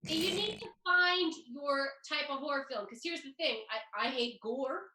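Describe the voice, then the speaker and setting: A woman appearing as a comedian guest on a video call, speaking slowly and expressively. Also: sits high, echoey room, recorded from a distance, rough recording. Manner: slow, drawn-out, expressive. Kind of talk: casual comedic chat.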